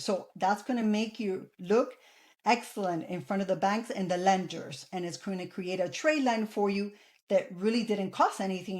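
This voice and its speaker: A woman talking straight to her viewers in a relaxed advice vlog. She keeps a conversational flow, restarts her sentences and keeps checking in with the audience as she explains. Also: medium pitch. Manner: chatty, repeats "okay?" and "guys", restarts phrases. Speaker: channel host giving credit advice.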